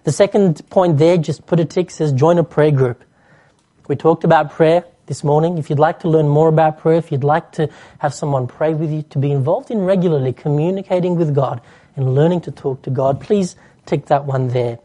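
A man delivers a sermon in a mellow, darker voice. He talks earnestly and invitingly. He slips into short acted-out exchanges to make his point. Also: a little high, moderate pace. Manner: earnest, warm pastoral appeal with dramatized dialogue. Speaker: preacher.

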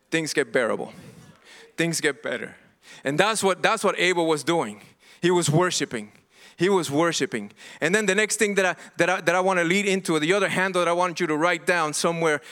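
A man's voice: a little high, a bit bright. A middle-aged man preaching a sermon as pastor, earnest and impassioned, often restarting and repeating himself.

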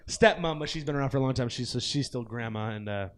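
A man's voice: medium pitch, quick pace. A man hosting a podcast, rambling and swearing in casual chat with frequent laughs. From Canada. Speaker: podcast host.

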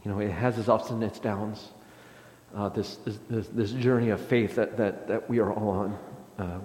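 A man's voice: lowish voice, fairly even intonation, moderate pace, warm tone, reverberant, long reverb tail. A man preaching a sermon as pastor, speaking hesitantly with frequent restarts and fillers, recorded in a church sanctuary.

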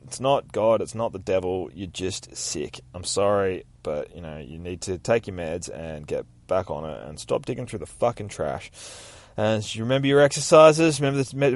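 A man's voice: fairly low pitch, expressive, normal speed, dry recording. Man doing a blunt, impatient psychiatrist.

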